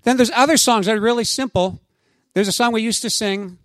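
A man preaching a sermon as pastor, in a conversational, animated way with asides to his congregation. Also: high voice, brisk, no echo.

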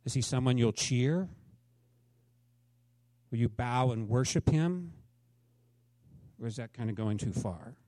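A man in his fifties preaching a sermon, telling stories dramatically and swinging between loud exclamations and hushed asides. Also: mid-range voice, lively intonation, measured pace, pauses often, dry recording. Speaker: pastor.

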